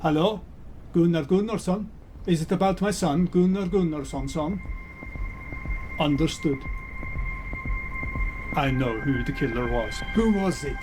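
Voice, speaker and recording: A man doing a deadpan detective. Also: on the high side, unhurried, long pauses, over music, natural voice. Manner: flat, deadpan delivery. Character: deadpan male Scandinavian crime-drama detective. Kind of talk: parody sketch.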